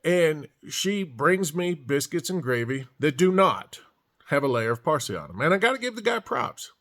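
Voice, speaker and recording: A man tells a casual, rambling story, repeating words and circling back as he goes. His voice sits a bit higher than most men's. The delivery is loose and folksy. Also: sing-song, normal speed, fairly bright tone. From Alabama. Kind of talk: casual anecdote told to camera.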